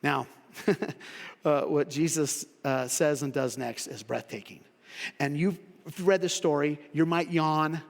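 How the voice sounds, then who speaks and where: A man preaching a sermon as pastor in a church, conversational, acting out quotes in sudden high voices. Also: fairly even intonation, measured pace, vocal fry. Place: church sanctuary. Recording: long reverb of a church hall.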